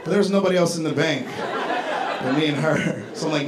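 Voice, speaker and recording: A man from Chicago doing a stand-up comedy set on a club stage, with a laid-back, deadpan delivery and profane asides. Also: a little high, normal speed, pauses often. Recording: echoey club with crowd noise.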